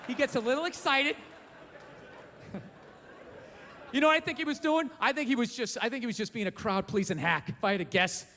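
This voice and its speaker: A man doing a stand-up comedy set on stage, ranting and swearing with loud shouted bursts, recorded live in a theater. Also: very high-pitched, brisk, pauses often. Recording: live in a theater with long reverb and faint crowd noise.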